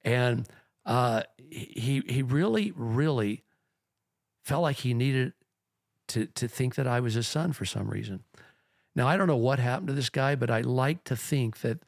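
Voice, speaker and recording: A man with a gravelly voice and a little vocal fry, recounting an old ministry story as a pastor. He wanders and restarts as he goes, earnest and plain-spoken, close and dry on the mic. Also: mid-range voice, expressive, a little slow, dry recording. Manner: rambling, earnest anecdote telling. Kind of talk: storytelling in a podcast chat.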